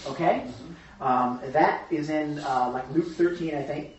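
A man leading a group Bible study, teaching excitedly and acting out voices of the crowd as he goes. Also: a little high, a little hiss or hum. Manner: excitable, acts out crowd voices, talks fast in bursts. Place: room with a small study group. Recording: echoey room, distant mic, dull lo-fi sound.

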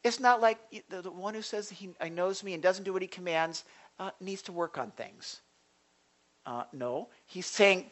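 Excitable preacher, quiet to loud. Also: male voice, high voice, moderate pace. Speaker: pastor. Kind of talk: sermon. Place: church sanctuary.

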